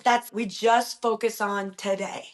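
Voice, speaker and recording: A young woman guest in a podcast interview, talking openly and emotionally, laughing softly between thoughts. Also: medium pitch, little pitch movement, a little slow.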